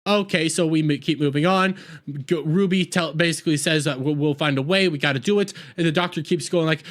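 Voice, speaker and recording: A man's voice: fairly high pitch, fairly quick. A man rambling through a casual episode recap with a sarcastic edge. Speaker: TV episode reviewer.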